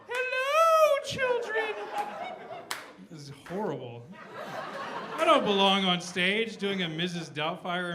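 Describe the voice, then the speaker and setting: On stage before a live audience, a young male stand-up comedian with a slightly high, bright, forceful voice rambles through his set, swearing and tagging lines with "right?".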